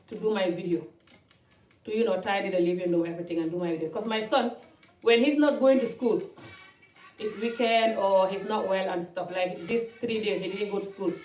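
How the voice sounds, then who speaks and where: A woman's voice: medium pitch, darkish tone. A middle-aged woman vlogging from her living room, chatting casually to camera in a rambling, loose way. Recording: roomy, distant, faint music behind.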